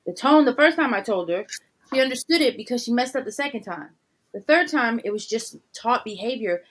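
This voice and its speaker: Animated woman telling a story. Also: on the high side. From big city. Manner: animated, acts out voices in her stories. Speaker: podcast guest. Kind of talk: storytelling in casual discussion.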